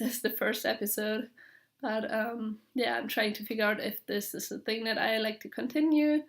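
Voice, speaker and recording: Young german woman rambling on her podcast, lotsa ums, voice a bit high. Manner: hesitant, full of fillers, light laughs. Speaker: podcast host. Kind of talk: casual video podcast chat.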